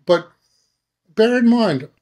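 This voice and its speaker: A man's voice: sits high, takes it slowly. A middle-aged man, a guest in a conversation, telling an anecdote animatedly and slipping into other people's voices as he goes. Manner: animated, acts out others' voices and sound effects. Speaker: guest, advertising creative director.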